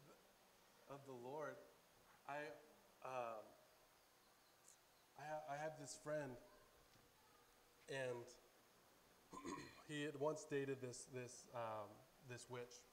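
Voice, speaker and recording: A man preaching in a casual, storytelling way, earnest and excitable, often laughing as he talks. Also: mid-range voice, slight background noise, low-quality recording.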